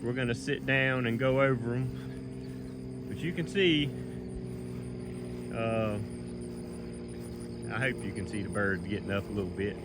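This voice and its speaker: A man's voice: mid-range voice, measured pace, pauses often, very noisy. A middle-aged man, narrating a casual walking vlog outdoors in a rural field, folksy and rambling, a little out of breath, recorded on a handheld camera. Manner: folksy, rambling, many fillers. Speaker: land manager filming his dove field. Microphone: handheld camera while walking.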